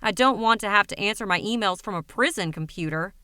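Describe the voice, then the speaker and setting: A woman's voice: medium pitch, a little fast, sharp tone, clean tone, no room sound, clean studio sound, lightly acted. A woman voicing a big, cynical, hot-tempered man who rants indignantly. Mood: ranting. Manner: ranting, indignant.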